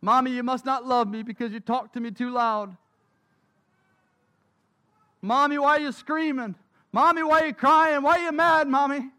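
A man voicing a small child plaintively complaining to his mother, dropping into a hushed, lower voice. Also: fairly even intonation, normal speed, pauses often. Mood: whiny.

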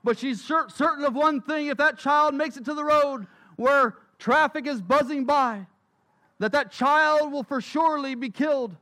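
Male preacher telling stories in a sermon, very high bright voice, hammers phrases home. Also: moderate pace. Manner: emphatic, with repeated phrases. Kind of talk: sermon storytelling.

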